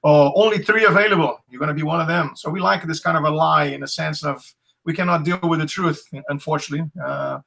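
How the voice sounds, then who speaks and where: A man's voice: on the high side, steady tone, fast talker, gravelly, a bit bright, poor audio. A middle-aged man from Essex with an Essex accent, chatting as a guest instructor over a video call, telling stories with lots of restarts. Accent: Essex English. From England. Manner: chatty, storytelling with acted quotes, frequent restarts. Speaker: Krav Maga instructor, guest.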